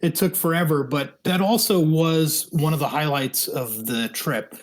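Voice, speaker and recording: An animated man recounts trail stories as an interview guest. His voice sits a touch high and he laughs freely as he talks. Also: measured pace. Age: older. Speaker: podcast guest, thru-hiker. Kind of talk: casual storytelling interview.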